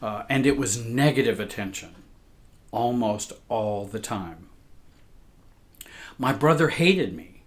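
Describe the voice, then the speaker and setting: A man reads a painful childhood story aloud at a very slow, deliberate pace. His voice is mid-pitched and somber, reflective throughout. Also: expressive. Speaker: family therapist and coach. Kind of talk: reading a personal story aloud.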